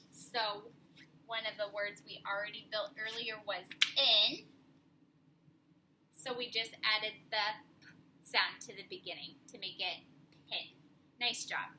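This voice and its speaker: Slow, bright-voiced woman teacher. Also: a little high, slight background noise, poor audio. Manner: slow, clear and encouraging, spelling out letters. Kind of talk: spelling lesson for young children. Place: classroom.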